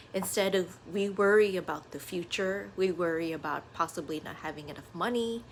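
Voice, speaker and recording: A woman's voice: medium pitch, fairly bright tone, slight background noise. A woman in her thirties talking earnestly to her viewers in a casual vlog, with lots of "uh" and "you know". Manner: earnest, conversational, many fillers like "uh" and "you know". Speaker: vlogger. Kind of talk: casual reflective monologue to camera.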